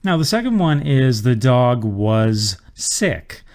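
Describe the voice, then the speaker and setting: A man's voice: medium pitch, sing-song, slow pace, darkish tone. A man teaching a writing lesson in an explanatory manner, reading example sentences aloud. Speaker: writing instructor. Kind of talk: lecture on writing.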